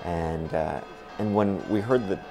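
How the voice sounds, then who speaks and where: Deep-voiced man reflecting on live news. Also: unhurried, gravelly, over music. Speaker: reporter and commentator.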